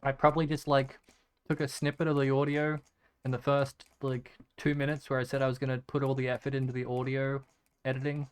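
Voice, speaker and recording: A man's voice: mid-range voice, little pitch movement, fairly quick, clear, resonant tone. A male gaming streamer giving casual gameplay commentary, muttering repeated item names as he clicks and swearing often.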